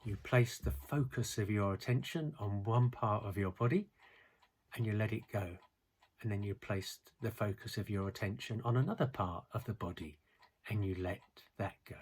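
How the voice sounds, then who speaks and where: Male mindfulness teacher, low husky voice, calm and measured delivery. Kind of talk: guided mindfulness lesson.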